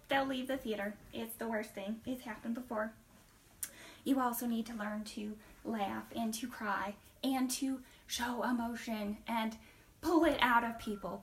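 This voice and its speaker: A woman's voice: fairly high pitch, recorded from a distance. A woman playing a self-assured acting coach with a put-on Southern accent, listing advice in an emphatic way with sudden whispered asides in a class skit. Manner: brisk, listy, emphatic with sudden drops to a whisper. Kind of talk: comedic skit interview.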